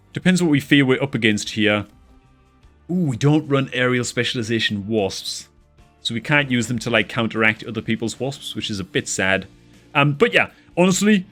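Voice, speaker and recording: Excitable man casting a strategy game. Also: mid-range voice. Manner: excitable, exclaims often, calls viewers dude and man. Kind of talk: excitable gameplay commentary.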